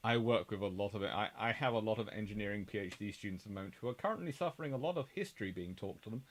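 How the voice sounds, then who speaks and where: A man's voice: fairly low pitch, very fast, a little hiss or hum. A middle-aged man from England, hosting a rambling live-stream chat and answering viewer comments. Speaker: host.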